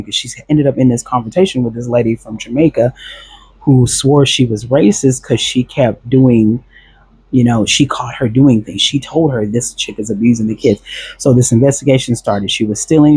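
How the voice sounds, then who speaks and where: A man talks through a personal story in a loose, rambling way, circling back with fillers and restarts. His voice sits at an ordinary pitch with a husky edge. The sound is dry and close, with no room echo. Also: moderate pace, darkish tone. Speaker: vlogger recounting a past relationship. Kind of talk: casual storytelling monologue.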